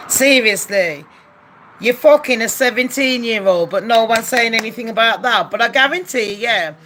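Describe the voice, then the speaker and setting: A woman's voice: a little high, fairly bright tone. A woman ranting bluntly to camera, heated and profane, firing rhetorical questions. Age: adult. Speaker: commentary vlogger. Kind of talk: opinionated rant to camera.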